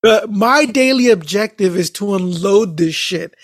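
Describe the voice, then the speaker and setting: A man with a high, bright-pitched voice rambles through everyday stories in a casual chat. He swears freely and breaks into laughter often. The sound is dry and close, with no room around it. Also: lively intonation, a little slow, dry recording.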